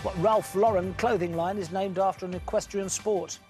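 A man hosting a quiz show, brisk, upbeat and teasing. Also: high voice, steady tone, music in the background.

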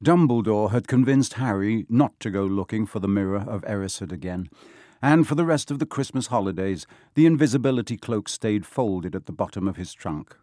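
Low-voiced male audiobook narrator. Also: expressive, dark tone, dry recording, clean studio sound. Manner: measured storytelling. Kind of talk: scripted narration.

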